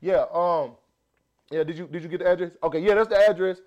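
A man with a Southern accent hosting a casual podcast, animated and laughing, restarting his sentences often. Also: sits high, fast, dull audio. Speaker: podcast host.

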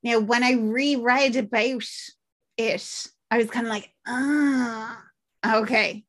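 Recapping a film on a podcast she co-hosts, this Irish woman speaks in a high-leaning, steady, fairly bright voice at an unhurried pace. Her chat is loose and rambling, packed with fillers and performed quotes.

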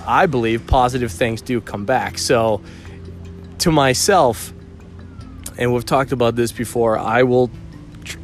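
A man hosting a podcast, talking in a rambling, casual way with many fillers and restarts. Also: mid-range voice. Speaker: podcast host.

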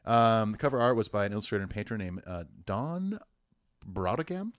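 A low-voiced man co-hosting a casual music podcast. He runs through facts loosely, with fillers and easy laughs. His voice is close and dry. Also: very animated, fairly quick, no room sound. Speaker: podcast co-host. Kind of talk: casual chat.

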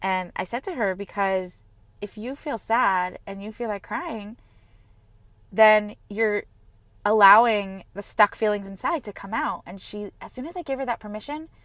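A woman in her thirties, a mother, talking earnestly and gently about her own experience in a heartfelt personal monologue. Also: mid-range voice, measured pace, no echo. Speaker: mother sharing personal reflections.

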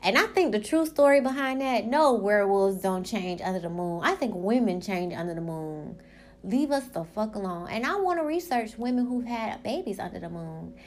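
A young woman hosting her own podcast, rambling in a casual, animated way, swearing and acting out quotes as she tells stories. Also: mid-range voice, moderate pace. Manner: animated storytelling, swears, laughs, acts out quotes. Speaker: podcast host.

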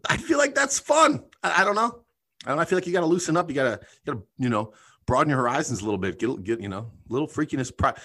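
An adult man hosts a comedic podcast in a mid-range, fairly bright voice. He talks loosely and profanely, laughing often while reading listener messages and telling stories in casual comedic chat.

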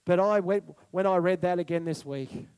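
A man preaching a sermon to a church congregation, animated and exclamatory, with sudden whoops. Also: high-pitched, moderate pace, smooth. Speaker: pastor. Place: church hall.

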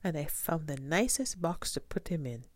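A woman's voice: low voice, sing-song, normal speed, no room sound. A woman voicing a cheerful, literal-minded housemaid in a storybook read-aloud, earnest and eager to please. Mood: eager innocent.

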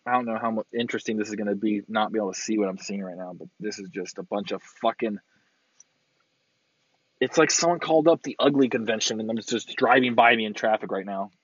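A man in a car, giving a crude, profane road-rage rant and yelling sarcastic insults at other drivers. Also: lowish voice, fast talker, husky, no echo. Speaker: vlogger ranting while driving. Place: inside a car in traffic. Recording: dull lo-fi sound.

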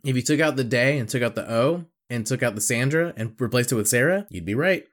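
A man's voice: mid-range voice, lively intonation, fairly quick, background noise. Teasing man hosting a quote quiz. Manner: joking, teasing. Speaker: podcast host running a quote quiz. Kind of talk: casual podcast chat.

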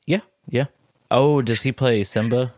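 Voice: medium pitch, a little slow, a little mellow, no room sound, clean studio sound. A podcast co-host chatting casually, rambling with lots of "like" and restarts. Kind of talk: casual chat.

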